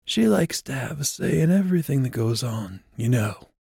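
A man's voice: medium pitch, very animated, normal speed, creaky, a little mellow, husky, no echo, studio quality, pitched above the performer's own voice, exaggerated voice. A man voicing a sly, teasing male figure in an audiobook, in a raised, altered voice. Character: sly, meddling man perched on a bucket.

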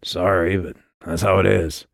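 Man reading a drowsy cryptic guy, audiobook character, very deep low voice, unhurried, dry close mic. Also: level tone, creaky, no room sound. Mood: calm. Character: calm, cryptic, drowsy male traveler.

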